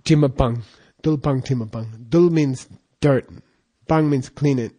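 A man who is a Buddhist monk, telling a teaching story casually, rambling and halting with fillers. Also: medium pitch, warm tone.

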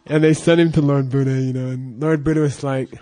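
Casually telling a teaching story, a man who is a Buddhist monk rambles and halts, filling gaps with fillers. His delivery is flat and mellow, at medium pitch.

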